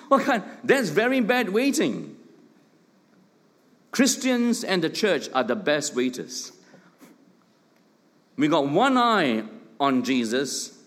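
A middle-aged man, preaching a sermon with emphatic points, rhetorical questions and joking asides. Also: mid-range voice. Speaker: pastor. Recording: long hall reverb.

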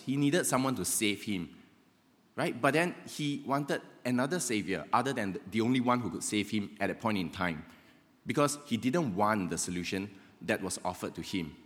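A man's voice: mid-range voice, a bit bright. A man preaching a sermon in a conversational way, often checking in with "right?". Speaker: pastor. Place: church hall. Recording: long reverb of a church hall.

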